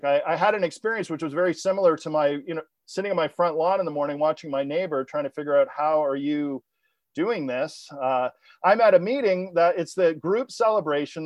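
Halting man telling his recovery story. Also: on the high side, dry recording. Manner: halting, many restarts and repeated words. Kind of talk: personal recovery talk. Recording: dull lo-fi recording.

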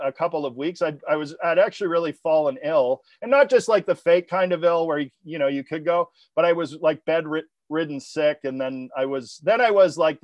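A man sharing his story of recovery in a personal talk, halting, with many restarts and repeated words. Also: sits high, no echo. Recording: dull lo-fi recording.

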